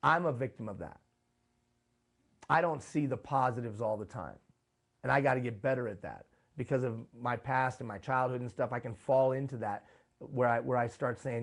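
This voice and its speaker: In a live event room, a man runs a workshop, speaking emphatically and posing rhetorical questions to the audience. His voice is mid-range and his pace moderate.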